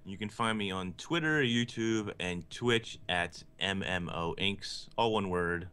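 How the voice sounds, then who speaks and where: Very deep man, bright tone. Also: measured pace, clean tone. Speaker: guest. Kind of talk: casual chat.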